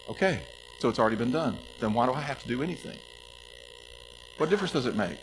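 Man, pastor, sermon delivery; emphatic with quiet pleading turns, mid pitch. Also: expressive, slight background noise, low-quality recording. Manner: emphatic, slows down to stress scripture, drops to soft pleas.

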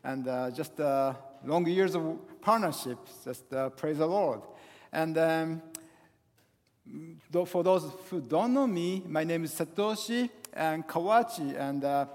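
Fifties guy giving a sermon, lots of uh's and restarts, high voice, long church echo. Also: a little mellow. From Japan. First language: Japanese. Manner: halting, full of hesitations and restarts. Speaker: guest pastor. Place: church sanctuary. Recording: long hall reverb in a church.

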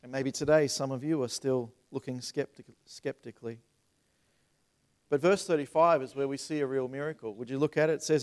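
A man's voice: medium pitch, steady tone, brisk, darkish tone. A man in his thirties preaching a sermon to a congregation, talking in a conversational way that rises into emphatic passages. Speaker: pastor. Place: church sanctuary.

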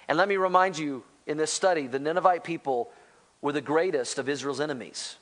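High-voiced animated male preacher. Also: a little fast. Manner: animated preaching, voices quotes, asks the congregation. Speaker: pastor. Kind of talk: sermon.

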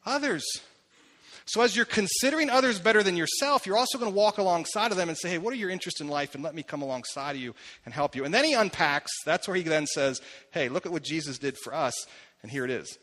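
A man's voice: on the high side, expressive, fast, sharp tone. A man in his thirties preaching a sermon, talking conversationally and putting questions to the congregation. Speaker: pastor. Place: church hall. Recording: long hall reverb.

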